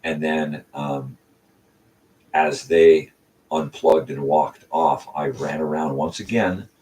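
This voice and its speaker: A man's voice: rumbling low, fairly even intonation, takes it slowly, a little mellow. An older man hosting his own channel, telling a casual, rambling story full of ums and restarts. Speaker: channel host. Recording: distant mic with faint hiss.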